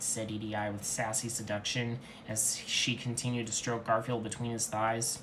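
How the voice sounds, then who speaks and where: A man reading fan fiction aloud in a deadpan, earnest comedic style. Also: fairly low pitch, normal speed, hardly any pauses, noisy background. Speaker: reader.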